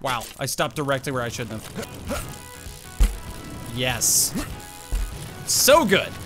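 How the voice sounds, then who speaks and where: A man giving casual, excitable running commentary while playing a game, often yelping and exclaiming. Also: medium pitch, slow, loud music behind the voice. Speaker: gaming YouTuber.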